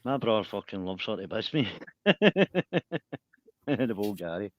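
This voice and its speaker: Low-voiced man ranting. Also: expressive, a little slow, no room sound. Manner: swears a lot, rambling, laughs often. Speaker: livestream host. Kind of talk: casual livestream chat.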